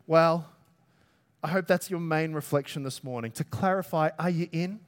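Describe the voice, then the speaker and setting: A man's voice: fairly high pitch, measured pace, long pauses. A man preaching a sermon. He talks in a conversational way, asks the listeners rhetorical questions and pushes his voice up on key words. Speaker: pastor.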